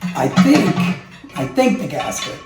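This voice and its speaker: A man's voice: on the high side, very animated, takes it slowly, over loud music. A middle-aged man hosting a home vlog, joking about himself and thinking aloud as he demonstrates a kitchen gadget. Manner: joking, self-mocking, thinks aloud while working. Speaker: vlog host. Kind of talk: casual how-to demo. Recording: echoey kitchen, clattering dishes.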